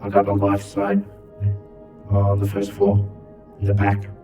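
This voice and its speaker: A man voicing a steady male robot dog companion, answering in a flat, matter-of-fact way through an echoey robotic filter. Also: lowish voice, unhurried, faint music behind. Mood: helpful. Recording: muffled, echoey and distant.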